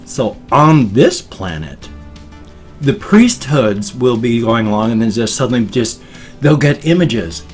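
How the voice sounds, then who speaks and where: Man, fifties, casual vlog, rambling and goofy, animated pitch, faint music behind. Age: 50s. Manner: rambling, playful, with silly sound effects. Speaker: vlogger.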